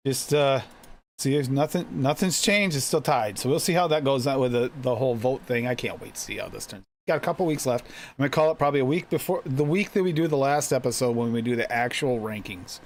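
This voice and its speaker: A man's voice: medium pitch, a little fast, slight background noise. A man hosting a live stream, chatting casually in a rambling, laid-back way. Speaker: host of a DIY mixing show.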